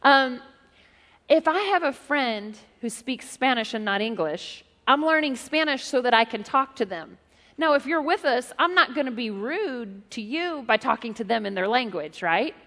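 Middle-aged female pastor, high voice, lively joking sermon, long hall reverb. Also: normal speed. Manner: animated, joking storyteller. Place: church hall.

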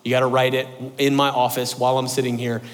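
A man voicing a stern female college professor in a flat, firm, measured way while telling a story in an echoey hall. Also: medium pitch, pitched below the performer's own voice, close to an everyday voice. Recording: echoey hall with long reverb.

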